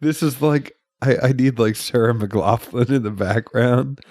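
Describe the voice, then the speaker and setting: A man co-hosting a casual podcast, arguing and joking in an animated way, then reading a sponsor spot. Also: mid-range voice, a little slow, dry recording, studio quality. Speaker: co-host.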